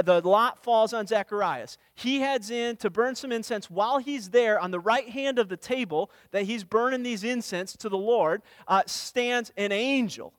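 A man with a high voice delivers a sermon like a story told to friends, putting on quick voices for the people in it. His voice is close and dry on the mic, with a long reverb trailing behind it from the hall. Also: a bit bright. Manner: casual storytelling, acts out quotes. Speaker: pastor.

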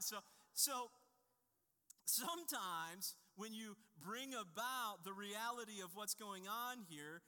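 Bright high-voiced man preaching in a hall. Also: expressive, takes it slowly. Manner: conversational, anecdotal preaching with frequent restarts. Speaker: pastor. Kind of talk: sermon. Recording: long reverb of a large hall.

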